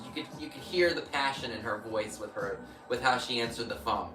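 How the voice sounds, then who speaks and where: Brief: laid-back co-host guy, casual chat, set back from the mic, clear music behind. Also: medium pitch, a little fast. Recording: echoey room, a bit far from the mic, music behind.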